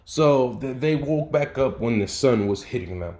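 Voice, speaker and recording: A man's voice: mid-range voice, animated, normal speed, a little mellow. A man casually improvising a fan story, rambling with slang and swearing. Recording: echoey room.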